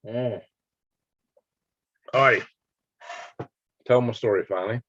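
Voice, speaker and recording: Slow and medium-pitched with a bit of brightness, this Alabama streamer chats casually with viewers, drifting through stories with sound effects and chuckles. His home stream audio is dry, dull and lo-fi, with no room sound.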